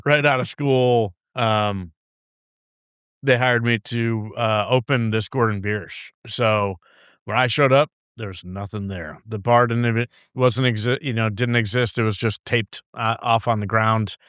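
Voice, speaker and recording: A man sits in a podcast studio, guesting and telling loose, rambling stories. His voice is smooth and resonant at a middle pitch, picked up dry and close on the mic. He swears freely and now and then acts out what others said. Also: steady tone, unhurried, fairly bright tone, dry recording. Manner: rambling, laughs often, swears, acts out his boss's lines. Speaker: guest brewer. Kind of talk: casual storytelling chat. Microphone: studio microphone.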